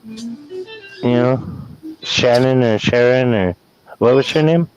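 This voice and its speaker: A man's voice: mid-range voice, big pitch swings, slow, a little mellow, faint music behind. A man from Wyoming, rambling and swearing as he vents emotionally in a casual chat. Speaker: guest caller venting. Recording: dull lo-fi sound.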